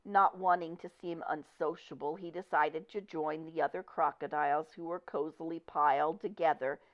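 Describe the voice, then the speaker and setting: A woman reading a children's picture book aloud with expressive, deliberate storytelling. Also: deep voice. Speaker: storybook reader. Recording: dull lo-fi recording.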